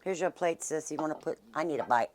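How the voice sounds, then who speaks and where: A middle-aged woman hosts her cooking vlog, chatting in a homey way as she eats along. Her voice is low-pitched and a little mellow, and she talks at a quick pace.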